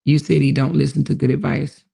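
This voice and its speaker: A woman hosts a casual livestream, reading viewer comments and reacting to them bluntly, with plenty of swearing. Her voice has a rough, gravelly edge. She laughs a lot and drifts off mid-thought. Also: extremely low pitch, little pitch movement, a little fast, warm tone. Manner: blunt and profane, laughing often, loses her train of thought. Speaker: livestream host.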